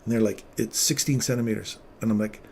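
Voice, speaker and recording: A man hosting a casual livestream, once a paramedic, talking with earnest feeling and sometimes dropping his voice very low. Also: fairly even intonation, quick pace, gravelly, darkish tone, a little hiss or hum. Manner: earnest, emotional storytelling, drops to near-whisper at tender moments. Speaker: livestream trading host, former paramedic.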